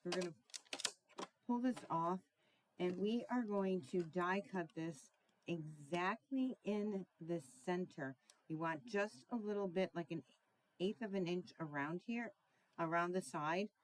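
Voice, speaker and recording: A middle-aged woman with a slightly low voice talks through a card-making tutorial in a relaxed, chatty way. She often pauses with ums and clears her throat. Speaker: craft tutorial host.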